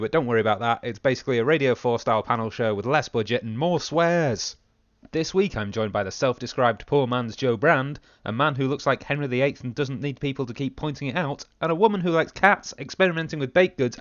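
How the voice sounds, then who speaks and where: A man hosting a comedy panel podcast, reading scripted links in a wry, deadpan way. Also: medium pitch, no echo, lo-fi sound. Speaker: host.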